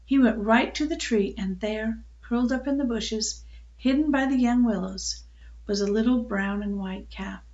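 An older woman reading a children's book aloud, telling it in a calm, unhurried way with small slips. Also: a little high, highs cut off. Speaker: storyteller.

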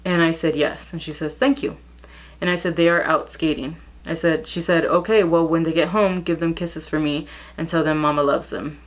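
A woman's voice: low-pitched, steady tone, a little fast, few pauses. A young woman telling a gossip story in a casual vlog, reading out text messages in a blunt, profane way.

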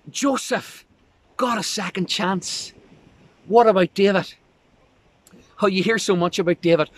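A man's voice: very high-pitched, a bit bright. A man preaching a sermon, emphatic, stressing key words and speaking straight to his listeners.

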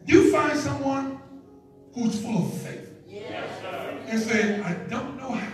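A male pastor preaching a sermon, building to shouted, chanted peaks and calling on the congregation to respond. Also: very high voice, slow pace, distant mic, over music. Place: church sanctuary. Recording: echoey church hall miked from afar.

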